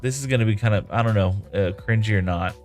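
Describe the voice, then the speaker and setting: A man with a fairly low voice streams a game live, rambling casually between tasks and reading out viewer comments. He is relaxed and laughs easily. Faint music plays softly behind him. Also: fast talker. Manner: rambling and easygoing, laughs often.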